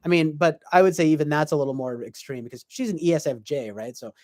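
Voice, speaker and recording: A man's voice: on the high side, fast talker, dry recording, studio quality. A man hosting a podcast, talking in a casual, rambling way with lots of fillers and restarts. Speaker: podcast host.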